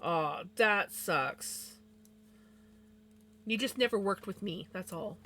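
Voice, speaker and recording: A woman from Canada chatting casually on a live stream. Her voice is bright and forward, at a middle pitch. She tells her story bluntly and swears without a second thought. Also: takes it slowly. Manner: blunt and expressive, swears freely. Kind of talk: casual storytelling chat with viewers.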